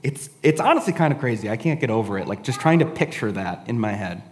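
A man's voice: medium pitch, expressive, fast talker, big-room sound. A man giving a casual, conversational sermon, often adding "right?" and "honestly". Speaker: preacher.

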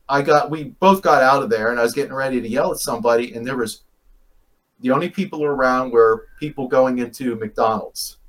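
A man's voice: mid-range voice, fairly bright tone, low-quality recording. A man on a talk show as a guest, telling a story in a rambling way with many fillers and restarts and blunt swearing. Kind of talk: casual storytelling on a call-in show.

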